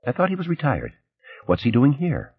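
A man voicing a brisk, guarded woman in her thirties who works as a press secretary. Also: mid-range voice, huge pitch swings, gravelly, husky, dry recording, voice pushed up, exaggerated voice. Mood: guarded urgent. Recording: slightly dull, dry recording.

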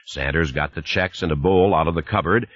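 A man narrating an audiobook in a lively, expressive reading. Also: deep voice, brisk, no room sound, dull audio. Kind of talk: scripted narration.

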